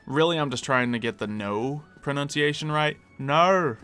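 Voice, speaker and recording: A man's voice: mid-range voice, moderate pace, fairly bright tone, clean tone. An American man streaming live, chatting casually and answering requests from his chat. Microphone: desk mic.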